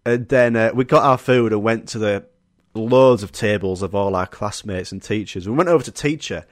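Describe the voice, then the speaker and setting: In studio-quality audio with no echo, a young podcast host from Yorkshire speaks at a normal pace in a lowish voice. He's on his own, sharing school anecdotes full of laughs, swearing and acted-out lines.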